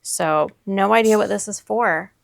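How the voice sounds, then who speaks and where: A woman hosting her crochet channel, gushing with excitement as she unboxes and shows off yarn, dropping into whispered asides. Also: medium pitch, measured pace, vocal fry.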